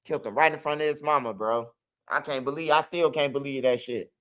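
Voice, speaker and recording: A man's voice: medium pitch, brisk, lo-fi sound. A young man telling street stories in a loose, casual monologue, tossing in "bro" a lot. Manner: streetwise, loose, peppers talk with "bro" and "you hear me". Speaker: channel host.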